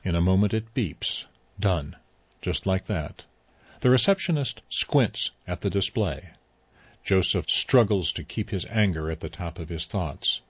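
Deep-voiced man narrating a story. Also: lively intonation, measured pace, husky, dry recording, muffled recording.

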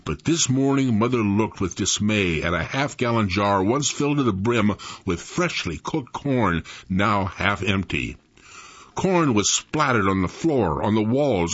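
A man in his eighties reading his own memoir aloud in an expressive storytelling manner. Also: on the low side, unhurried, slightly rough. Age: 80s. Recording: dull lo-fi recording.

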